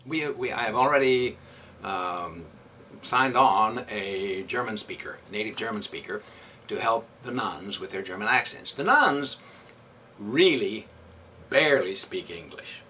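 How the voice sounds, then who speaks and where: A man with a fairly low but bright, forceful voice answers interview questions as a theatre director. He speaks thoughtfully, pausing on fillers and restarting his sentences. He sits a bit away from the mic, with a faint hiss behind him. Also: lively intonation, distant mic.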